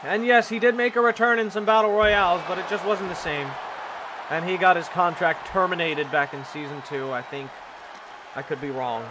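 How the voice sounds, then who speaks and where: A man's voice: high-pitched, flat delivery, normal speed. Hyped, profane young male game commentator. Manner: profane, hyped, shouts at big moves. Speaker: gaming commentator. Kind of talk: excited play-by-play commentary. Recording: loud game crowd noise behind. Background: video game crowd and noise.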